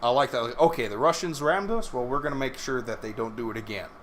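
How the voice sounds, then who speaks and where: Man, podcast host, middle-pitched voice, reads news then jokes about it, blunt casual opinions, faint background noise. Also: fast talker. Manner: reads articles aloud then riffs with blunt, joking opinions. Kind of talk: news reading and casual commentary.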